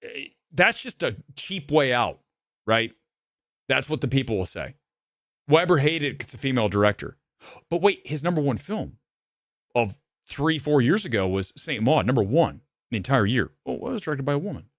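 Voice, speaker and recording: A man's voice: mid-range voice, big pitch swings, normal speed, no echo, clean studio sound. A man ranting angrily as he reviews a film live, repetitive and heated, saying he is shaking with anger. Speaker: movie reviewer.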